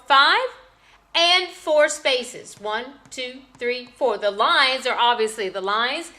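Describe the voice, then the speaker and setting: Casting: woman music teacher for kids, bright, unhurried, patient and repetitive. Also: on the high side. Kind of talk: children's music lesson.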